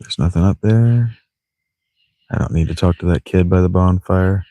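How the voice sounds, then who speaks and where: A man casually commenting while he plays a video game, full of deadpan jokes and muttered asides. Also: deep voice, moderate pace, dry recording. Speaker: streamer playing a video game. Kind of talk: casual let's-play commentary.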